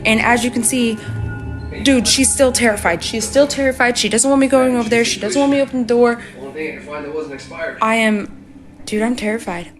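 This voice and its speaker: A woman's voice: fairly high pitch, steady tone, moderate pace, pauses often. A young mother talking in a scared, shaky way while soothing her child at home. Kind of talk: frightened home video talk. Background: background music.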